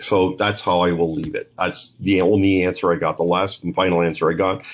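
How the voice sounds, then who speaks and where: A middle-aged man with a husky, slightly low voice tells a story as a podcast guest. He is animated and acts out each line of dialogue he quotes. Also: a little fast, hardly any pauses. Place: lives in Canada.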